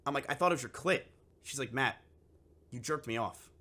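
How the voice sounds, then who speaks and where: Bright-voiced young man telling a profane story. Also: medium pitch, a little fast. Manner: profane and animated, acting out both sides of the conversation. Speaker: streamer. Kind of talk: casual storytelling to a live chat.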